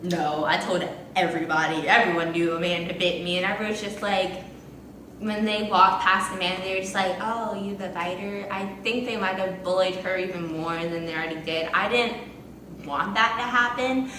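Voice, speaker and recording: A young adult woman telling a casual storytime to the camera, chatty and animated with lots of fillers. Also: fairly low pitch, moderate pace, recorded from a distance, a little hiss or hum. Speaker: vlogger. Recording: echoey room from off-mic.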